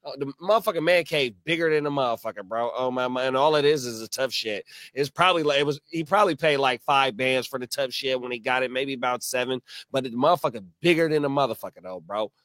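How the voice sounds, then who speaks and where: A man's voice: mid-range voice, fast talker, hardly any pauses, a bit bright, no room sound. A man in casual chat, rambling and searching for words, full of slang and swearing.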